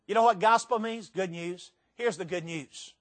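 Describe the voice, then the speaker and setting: Older male preacher, high-pitched, emphatic sermon delivery, live church audience. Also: moderate pace. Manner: emphatic, dramatic swings in pitch and volume.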